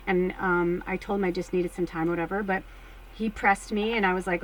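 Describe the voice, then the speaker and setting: A woman's voice: lowish voice, a little fast, a little hiss or hum, rough recording. A middle-aged woman who works as a spiritual medium, telling a personal story to her viewers in a candid, chatty way and swearing freely. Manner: chatty and candid, swears freely, gets excited and shrieks when retelling.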